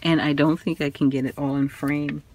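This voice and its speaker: A woman's voice: low voice, flat delivery, moderate pace, a little mellow. A woman showing fragile old magazines in a casual vlog, exclaiming in awe and handling them carefully. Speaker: vintage craft vlogger. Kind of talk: casual show-and-tell.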